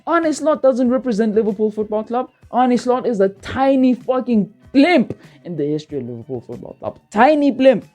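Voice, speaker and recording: A man's voice: very high-pitched, big pitch swings, moderate pace, hardly any pauses, darkish tone, faint music behind. Fired-up man ranting about football. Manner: profane, fired-up, repeats himself for emphasis. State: worked up, feels hot-headed. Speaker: football channel host. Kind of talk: heated football rant to camera.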